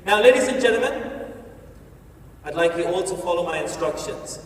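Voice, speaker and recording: A man giving an energetic, playful motivational talk on stage in a large hall, telling the audience what to do. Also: high-pitched, normal speed, pauses often. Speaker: motivational speaker. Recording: echoey hall from far off, faint ambience.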